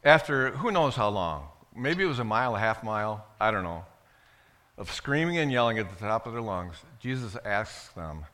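A male preacher delivers a sermon with a lively, wide-ranging pitch. His voice is bright and forceful. He swings between loud, emphatic lines and hushed asides. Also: normal speed. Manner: animated, swings from loud to hushed, dramatic retelling.

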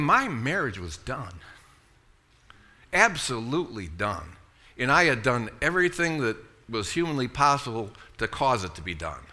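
A man's voice: medium pitch, bright, forceful tone. A middle-aged man preaching a sermon in a conversational, joking way, often asking the congregation questions. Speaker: pastor.

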